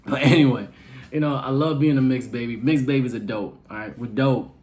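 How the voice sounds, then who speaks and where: A man's voice: medium pitch, brisk, a little mellow. A man doing a brash, slangy stand-up comedy set for an online show.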